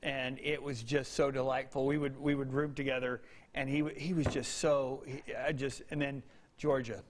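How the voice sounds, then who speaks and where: A man co-hosting a local TV morning show in a studio, easygoing with halting restarts. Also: medium pitch, little pitch movement, a little hiss or hum. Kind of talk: casual studio chat.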